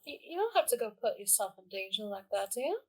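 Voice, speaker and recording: A woman's voice: mid-range voice, very animated, fast. A woman playing a tabletop game, speaking in character with a giggly, prim manner. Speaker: player.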